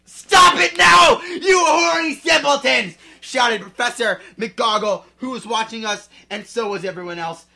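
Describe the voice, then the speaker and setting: A man's voice: high-pitched, moderate pace, hardly any pauses, bright, forceful tone, pitched above the performer's own voice. A man voicing a melodramatic goth teen girl, reading with over-the-top shrieking outbursts.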